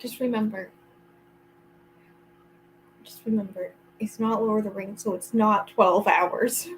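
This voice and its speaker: A woman's voice: medium pitch, fairly even intonation, unhurried, slight background noise, rough recording. A woman vlogger chatting casually to a friend during reading sprints, rambling and giggling often.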